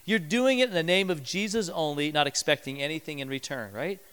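High-voiced male preacher in a reverberant hall. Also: fairly quick, fairly bright tone, clean tone. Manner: conversational preaching with acted-out quotes. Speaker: pastor. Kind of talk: sermon.

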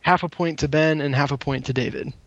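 A man's voice: fairly high pitch, steady tone, a little fast, no echo, lo-fi sound. A man hosting a casual game quiz among friends, playful and prone to stammering restarts. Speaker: quiz host. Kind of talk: casual online chat.

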